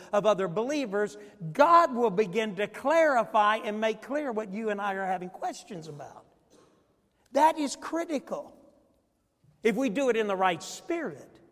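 A man's voice: sits high, in a large hall. A male pastor preaching a sermon, emphatic and asking the congregation questions. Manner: emphatic, call-and-response questions.

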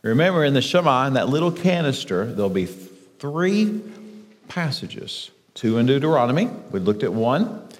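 A man teaching a Bible study, explaining scripture and reading passages slowly and deliberately, with some self-correcting restarts. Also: medium pitch, big pitch swings, in a large hall.

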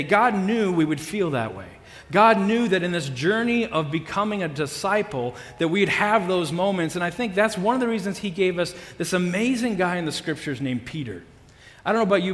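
A man delivers a sermon from the front of a church, his voice pitched a little high for a man. He speaks earnestly, leaning on key words and pausing for effect, and a long reverb trails behind him in the large worship space. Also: fairly bright tone. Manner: earnest, emphatic preaching with dramatic pauses. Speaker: pastor.

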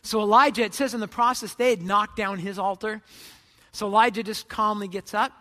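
High-voiced, animated male preacher. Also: brisk, long reverb tail. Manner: animated storytelling, acts out voices. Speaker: pastor. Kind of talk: sermon.

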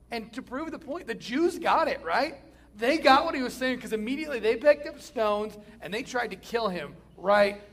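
A man preaching a sermon, swinging from loud emphatic lines down to hushed near-whispers. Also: high-pitched.

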